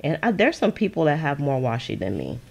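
A woman's voice: deep voice, sing-song, fairly quick, creaky, breathy edge. A woman hosting a crafting livestream from her desk at home, chatting casually, laughing often and answering viewers' comments. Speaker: crafting channel host.

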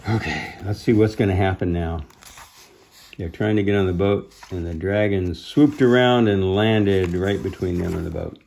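A man reading a children's book aloud, pausing to explain the story gently to young listeners. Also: fairly low pitch, creaky. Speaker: storybook reader.

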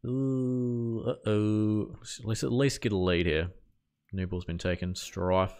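A man's voice: sits low, normal speed, creaky. A man from New Zealand with a Kiwi accent, live-streaming a game and chatting casually while reacting to play and answering viewer messages. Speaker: gaming streamer. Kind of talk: casual live-stream chat over gameplay.

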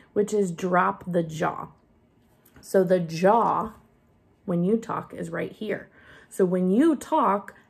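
A woman teacher giving a gentle, hands-on craft lesson for young children while she demonstrates each step. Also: fairly low pitch, gravelly, slightly rough.

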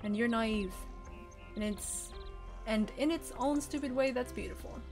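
A stern, weary small-town cop lectures in a grave, measured tone, as a woman reads him aloud while streaming a game. The voice sits a little high for him, with soft music faint behind. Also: natural voice.

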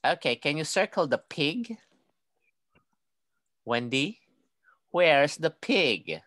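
A woman with a strikingly deep voice leads an online phonics lesson for a child. She speaks very slowly, saying each word clearly and praising every answer. The sound is dry and close, with no room echo. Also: expressive, a bit bright. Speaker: English phonics teacher.

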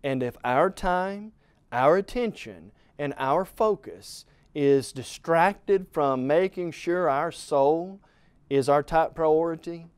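Earnest middle-aged male preacher, a little high-pitched, emphatic delivery with rising and falling volume. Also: takes it slowly, a little mellow, clean tone, dry recording. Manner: addresses the listener as "friend". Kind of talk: televised Bible lesson.

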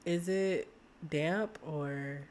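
Woman streamer, unhurried, chatty, excitable let's-play commentary. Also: low-pitched. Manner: chatty, excitable, talks to viewers as "y'all". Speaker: gaming streamer.

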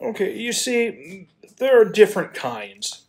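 A man's voice: high voice, sing-song, slow, full character voice. A man playing a blustering lovestruck landowner. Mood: instructive. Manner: stammering, then bursts into shouted pleas. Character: blustering landowner, hot-tempered then lovestruck. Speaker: actor in a community audio play. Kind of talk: amateur radio play acting.

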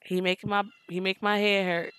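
A woman's voice: medium pitch, little pitch movement, moderate pace, a bit bright, a little hiss or hum. A woman hosting a gaming channel, giving casual, chatty, slangy commentary on a life-sim game at a desk mic. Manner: chatty, slangy, breaks into sing-song.

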